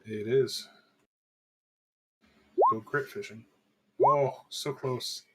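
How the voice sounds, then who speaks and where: A man at a mid-pitched, ordinary register runs the table as dungeon master, narrating monsters and calling rolls in an easygoing, brisk way. A faint hiss of noise sits under his voice. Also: fairly even intonation. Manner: easygoing, brisk rules calls. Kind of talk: running a tabletop game over a stream.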